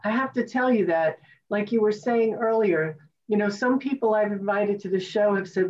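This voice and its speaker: A woman hosting a talk show, speaking slowly in an emotional, appreciative way. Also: mid-range voice, slight background noise. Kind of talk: interview conversation. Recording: distant, dull lo-fi sound.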